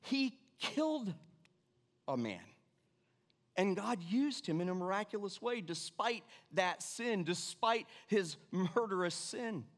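A man preaching a sermon, animated, repeating his lines and dropping suddenly to quiet. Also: high-pitched, slow pace. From Irish family background. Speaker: pastor. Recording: long reverb of a church hall.

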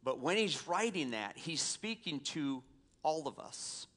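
A man's voice: a little high, animated, measured pace, a bit bright. A man from the American South, a pastor preaching a sermon with prayer and scripture reading, folksy and conversational with asides to the congregation.

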